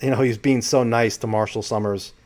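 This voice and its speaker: A man's voice: mid-range voice, steady tone, a little fast, a little mellow. Rambling male vlogger. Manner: rambling, frequent self-corrections. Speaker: channel host. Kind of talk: casual commentary vlog.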